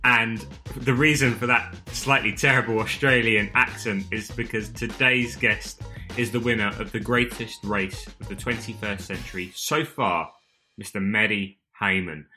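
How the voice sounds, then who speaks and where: A man's voice: fairly low pitch, steady tone, normal speed, sharp tone, faint music behind. A man hosting a cycling podcast, chatting and joking with his co-host in a casual way. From United Kingdom. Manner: chatty, jokey banter. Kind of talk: casual chat.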